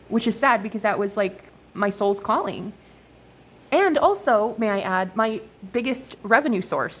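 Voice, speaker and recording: A young woman talking to her viewers in a casual, rambling, profane monologue while reading oracle cards. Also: medium pitch. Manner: profane, expressive, animated storytelling.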